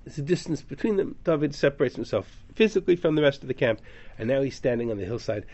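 A man's voice: mid-range voice, expressive, fast talker, mellow, husky. A man teaching a text study class, reading Hebrew verses aloud and translating them dramatically. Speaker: Torah teacher. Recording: dull lo-fi class recording.

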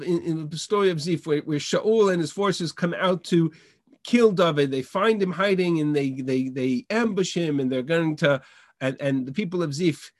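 A man's voice: a little high, dry recording, studio quality. A man teaching a Bible class over a video call, reading verses in Hebrew and translating them with frequent restarts. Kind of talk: online text study lesson.

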